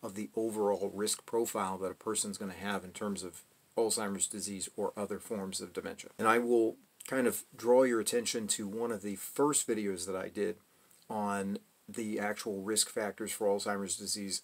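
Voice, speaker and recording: A man hosting his own channel, explaining a topic to camera in a measured, careful way, adding caveats and correcting himself as he goes. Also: fairly low pitch, fairly even intonation. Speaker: channel host.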